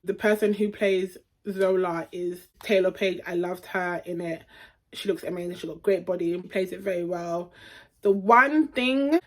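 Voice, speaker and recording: Chatty young woman reviewing films. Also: on the low side. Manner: chatty, frank, slangy, with quick asides. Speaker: film reviewer. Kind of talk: casual spoken film review.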